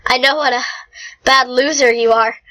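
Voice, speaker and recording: A woman's voice: high voice, steady tone, normal speed, sharp tone, poor audio. A woman voicing a playful, mischievous young male fox who teases his sister. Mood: teasing. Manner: taunting, mischievous.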